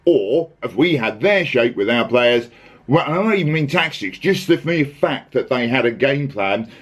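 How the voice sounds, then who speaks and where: A man's voice: mid-range voice, expressive, normal speed, breathy edge. A man hosting a casual football chat, sarcastic and exasperated, rambling with restarts. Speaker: podcast host.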